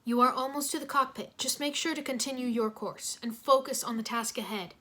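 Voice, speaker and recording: A woman voicing a wise old male martial arts teacher, measured and advising. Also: high voice, bright, forceful tone.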